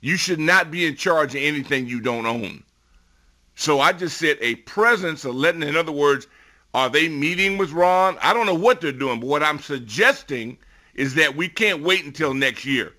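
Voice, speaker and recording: A middle-aged man talks football as a radio guest, pressing his points and rising into loud emphatic bursts. His voice is bright and forceful and sits a little high for a man. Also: expressive, normal speed. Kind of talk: sports radio talk.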